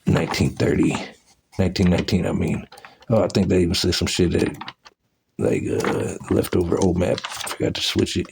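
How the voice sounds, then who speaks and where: A man's voice: low-pitched, fairly even intonation, normal speed, vocal fry, a little mellow, a little hiss or hum. A man giving profane, agitated commentary on old photos, exclaiming as he goes. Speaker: video host.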